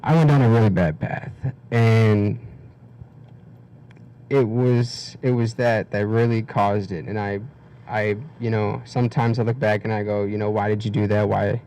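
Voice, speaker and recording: A teenage young man giving a personal testimony at a community event, halting with many fillers and restarts, emotional and on the verge of tears. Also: fairly low pitch, steady tone, mellow, a little hiss or hum, rough recording. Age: teens. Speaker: guest speaker.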